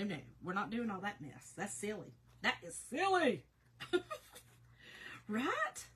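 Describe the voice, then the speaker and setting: Woman, 50s, a bit hoarse, bright voice, chatty live-stream crafter. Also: a little high, very animated, unhurried, long pauses. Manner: chatty, talks to viewers by name, laughs often. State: slightly hoarse, recovering. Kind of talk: casual live-stream chat while crafting.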